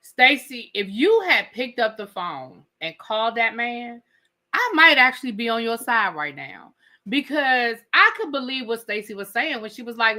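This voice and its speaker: A woman's voice: on the high side, very animated, normal speed, bright, forceful tone. A woman hosting a live rant-and-review of a reality show, talking emphatically, repeating her points and swearing freely.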